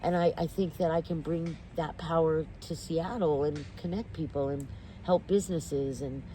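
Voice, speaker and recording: Low-voiced woman telling an emotional story. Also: a little hiss or hum. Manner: animated, intense, self-interrupting, quick to tears. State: tearful. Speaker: guest. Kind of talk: emotional storytelling in casual chat.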